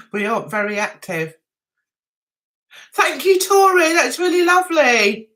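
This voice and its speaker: An English woman hosting a casual livestream chat, her voice bright and a touch high. She talks slowly and rambles, calling her viewers "guys", and she is losing her voice. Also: sing-song, rough recording. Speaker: livestream host.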